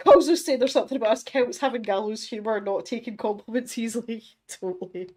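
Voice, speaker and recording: Chatty Scottish woman, higher voice. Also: a little fast, a little mellow. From Scotland. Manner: chatty, self-deprecating, laughs often, many restarts. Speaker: art livestream host. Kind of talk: casual livestream chat reading viewer comments. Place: home art studio.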